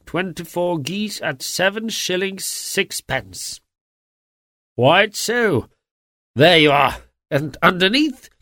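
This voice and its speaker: A man voicing a surly, hot-tempered market salesman who talks loudly and blusters. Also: high-pitched, no room sound, studio quality, voice pushed up, full character voice. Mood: triumphant. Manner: loud, blustering.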